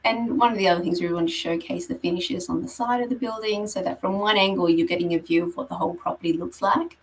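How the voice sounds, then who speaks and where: A woman's voice: fairly low pitch, fairly even intonation, fast talker, recorded from a distance, soft background music, poor audio. A woman giving a conversational presentation on property marketing, explaining slides with frequent ums. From Australia. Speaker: guest speaker on property marketing.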